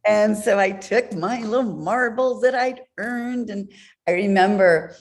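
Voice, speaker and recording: A woman guest on an interview show, telling business stories in an animated way with laughs along the way. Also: medium pitch, measured pace. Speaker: guest, entrepreneur. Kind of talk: conversational storytelling.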